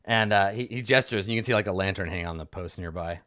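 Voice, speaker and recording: A man's voice: deep voice, fast talker, sharp tone, dry recording, clean studio sound. A man narrating as game master in a tabletop game, describing the combat loosely with many fillers and restarts.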